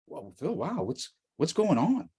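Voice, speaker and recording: A man with an American accent, quoting a calm, gracious fellow actor with a gently questioning manner. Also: on the high side, unhurried, husky, pitched above the performer's own voice, exaggerated voice.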